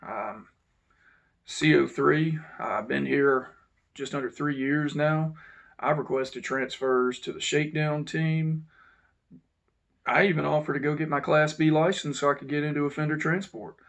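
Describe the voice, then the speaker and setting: A man, telling a personal story to his channel's viewers in an unhurried, reflective way that sometimes drops to a low mutter. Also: steady tone, vocal fry, fairly bright tone. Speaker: channel host. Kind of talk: casual storytelling monologue.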